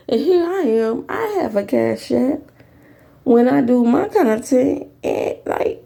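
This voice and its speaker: A woman rants bluntly and profanely in YouTube commentary. Her voice is gravelly and mellow, and its pitch swings widely between low mutters and sharp high bursts. She records at home, with faint noise behind her. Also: expressive, measured pace. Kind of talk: ranting commentary.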